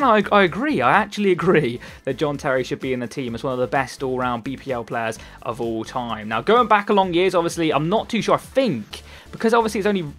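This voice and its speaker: A young man in his twenties with a Cornish accent talks quickly through a casual gameplay commentary. He rambles in a chatty way, restarting words and filling gaps with ums, over faint background music. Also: medium pitch, fairly bright tone. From Cornwall, England. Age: 20s. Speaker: gaming YouTuber.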